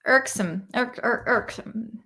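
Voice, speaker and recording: A woman's voice: fairly high pitch, slow, gravelly, sharp tone, slightly rough. A woman chatting casually while studying vocabulary, repeating words aloud and swearing and laughing freely. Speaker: English vocabulary vlogger.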